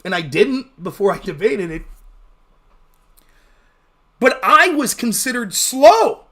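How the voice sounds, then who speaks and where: A man hosting a casual livestream, talking fast with a blunt, profane manner. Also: extremely high pitch, sing-song, fairly bright tone. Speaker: livestream host.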